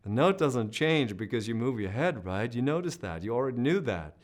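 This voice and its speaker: A man's voice: medium pitch, sing-song, moderate pace. A man teaching a singing lesson, coaching and demonstrating vocal sounds and sung notes, with encouraging talk.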